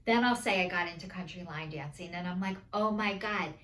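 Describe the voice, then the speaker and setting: A woman's voice: on the low side, quick pace, fairly bright tone. A woman casually reading oracle cards aloud and talking to her viewers in a chatty, emotional way. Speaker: oracle card reader. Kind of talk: casual spiritual card reading. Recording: roomy with faint ambient noise.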